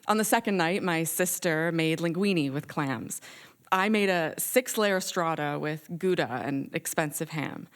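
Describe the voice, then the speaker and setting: Low-voiced young woman telling a wry story. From central Massachusetts, USA. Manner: wry, expressive, with dramatic pauses. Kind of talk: live stage storytelling.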